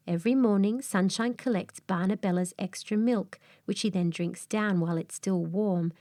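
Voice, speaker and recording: A woman narrating a calm bedtime fairy tale in a soft, slow, soothing way, sometimes dropping to a whisper. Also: medium pitch, no room sound, studio quality. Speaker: storyteller.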